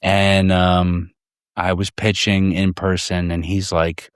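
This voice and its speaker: Deep-voiced man, rambling and profane. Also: level tone, slow, clean tone, no echo, studio quality. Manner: rambling, profane, many restarts. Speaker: podcast guest, fellow podcast host. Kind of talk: casual in-person chat. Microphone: handheld portable recorder.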